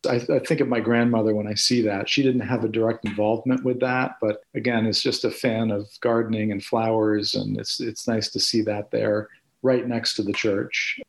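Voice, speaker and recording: A man's voice: on the low side, flat delivery, normal speed. Guy telling family stories in an interview, thoughtful, stops and restarts a lot. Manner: reflective, hesitant, many restarts. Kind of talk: oral history interview.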